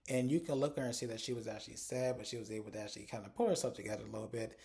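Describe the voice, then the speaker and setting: A man recapping a TV episode in casual, frank talk, jumping his pitch up to mimic the female characters. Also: very fast, gravelly. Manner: animated and frank, addresses viewers as y'all. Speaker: TV episode reviewer.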